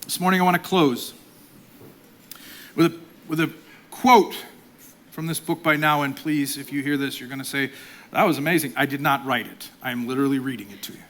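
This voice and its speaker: A man in his forties, a pastor preaching a sermon, swinging between loud emphatic exhortation and soft, intimate delivery. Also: mid-range voice, fairly quick. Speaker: executive pastor.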